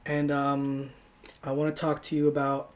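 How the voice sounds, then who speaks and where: A man's voice: on the high side, monotone, normal speed. A young man from Texas hosting a solo podcast, telling a rambling story with many restarts and casual swearing. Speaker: podcast host.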